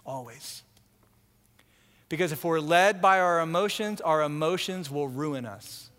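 A man preaching a sermon as pastor, animated, acting out quoted voices and often repeating words as he goes. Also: on the high side, big-room sound.

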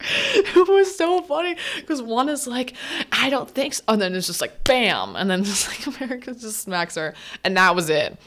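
A woman's voice: a little high, big pitch swings, normal speed, a bit bright. A young woman hosting a student podcast, chatting casually and laughing as she recaps a film and acts out the characters' lines. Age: young adult. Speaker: podcast host.

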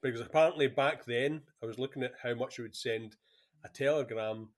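A man co-hosting a casual film chat, relaxed and sharing trivia. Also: mid-range voice, brisk. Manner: relaxed, shares trivia, laughs often. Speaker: podcast co-host.

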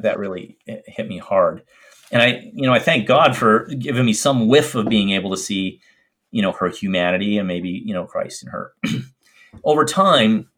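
A middle-aged man with a lowish voice tells a personal story during an interview. He is a doctor, and his telling is earnest and reflective. He often pauses and restarts his sentences. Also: fairly bright tone. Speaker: infectious disease doctor.

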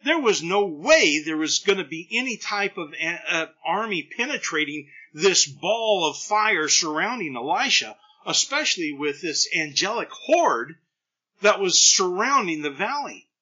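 A middle-aged man preaching a sermon, telling scripture stories in an animated way and acting out the lines of the people in them. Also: high voice, a little slow, slightly rough, lo-fi sound. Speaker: pastor.

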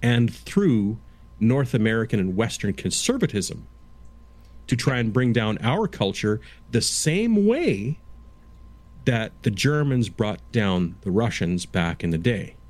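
A man in his fifties chatting casually, explaining at length in a halting way with frequent restarts. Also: lowish voice, big pitch swings, a little mellow. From Canada. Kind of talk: casual chat.

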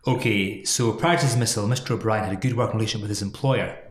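A man's voice: lowish voice, rapid-fire. Teasing man in a roomy space. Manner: jokey, teasing, laughs often. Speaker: podcast co-host. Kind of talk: casual chat about an employment law case.

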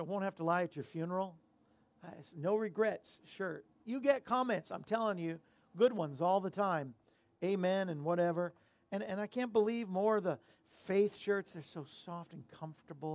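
A man's voice: high voice, darkish tone. A man hosting a casual talk show, rambling and self-deprecating as he chats and tells corny jokes. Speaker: show host.

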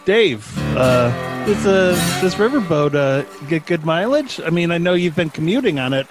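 A man's voice: fairly high pitch, lively intonation, normal speed, over music. A man hosting a comedy podcast, leading the scenes in a dry way. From Missouri family. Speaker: podcast host. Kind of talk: casual comedy podcast chat.

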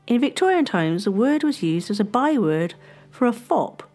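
A woman narrating a historical story in a measured, scripted storytelling style. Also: fairly high pitch, very animated, a little mellow, soft background music.

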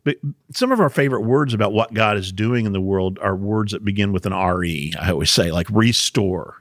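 A man with a fairly low, brisk voice hosts a podcast, recorded with studio quality and no room sound. He explains Bible passages in a relaxed teaching chat, chuckling often and starting his sentences over.

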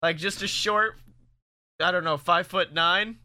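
A man's voice: sits high, unhurried, sharp tone. A man co-hosting a comedy podcast, playful and theatrical, slipping into goofy announcer bits. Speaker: podcast co-host. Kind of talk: casual comedic banter.

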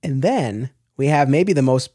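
Animated man hosting a podcast. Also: medium pitch, unhurried, breathy edge, dry recording, clean studio sound. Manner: animated, often restarts and corrects himself. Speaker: podcast host. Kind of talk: casual podcast discussion.

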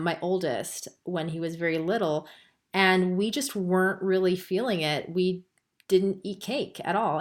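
Thoughtful woman guest, lowish voice. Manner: measured and reflective, frequent "um"s. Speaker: podcast guest, pediatric acupuncturist. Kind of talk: conversational interview.

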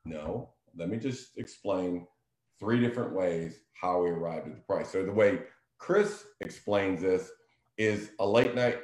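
A man talks real estate in an emphatic, coaching tone. His voice sits low, and the room around him is echoey. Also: a little slow, a little mellow. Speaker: real estate agent, show host. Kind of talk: casual business chat.

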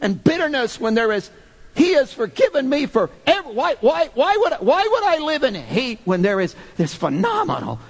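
A man preaching a sermon, driving his points home with rhetorical questions and swinging from loud emphatic bursts to quiet, hushed lines. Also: very high-pitched, wildly swooping pitch, moderate pace.

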